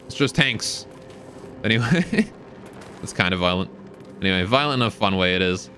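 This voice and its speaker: A man's voice: on the low side, animated, moderate pace, bright, forceful tone, a little hiss or hum. A man from Britain whose accent has turned mostly Canadian, chatting casually and rambling on a live game stream while answering viewer questions. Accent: British, now mostly Canadian.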